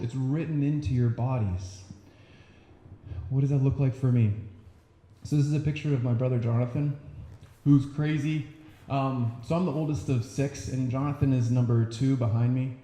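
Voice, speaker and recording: A young man speaks to an audience about faith with earnest energy, slipping into quoted voices as he goes. His voice is deeply mellow and dark. The sound carries the echo of a roomy space. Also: moderate pace. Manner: earnest, animated, acts out quotes.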